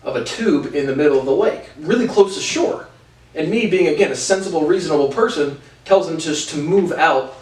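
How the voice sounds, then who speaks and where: A man angrily ranting through a personal story, swearing constantly and stumbling over restarts. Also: fairly high pitch. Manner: profane, agitated, heavy swearing; halting restarts. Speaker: vlogger. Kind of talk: storytelling rant. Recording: roomy, distant mic.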